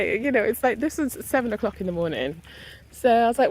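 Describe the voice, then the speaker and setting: A woman's voice: a little high, expressive, fast talker, darkish tone, a little hiss or hum, rough recording. A woman casually recounting a story to camera, animatedly acting out both sides of an argument. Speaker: vlogger.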